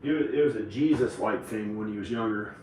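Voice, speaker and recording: A man's voice: fairly low pitch, a little fast, darkish tone. A man rambling to himself while working around a house, then ranting bitterly. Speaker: vlogger. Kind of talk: rambling monologue to camera. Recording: echoey room with background noise.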